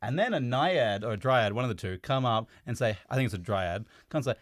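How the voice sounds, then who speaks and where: A man's voice: mid-range voice, huge pitch swings, moderate pace, long pauses, noisy background. A man on a casual podcast, retelling a story in a rambling way, swearing and laughing as he goes.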